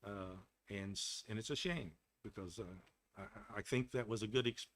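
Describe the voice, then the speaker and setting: An older man from Texas with no regional accent, giving a casual talk in a webinar, rambling with many restarts and clearing his throat now and then. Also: fairly low pitch, normal speed. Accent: none, general American. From Texas, United States. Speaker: webinar guest speaker. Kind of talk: casual lecture. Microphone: video call.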